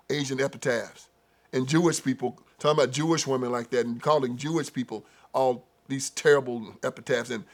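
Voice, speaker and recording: A man hosts his own show, giving an opinion monologue that swings from loud outbursts to low mutters, laughing often.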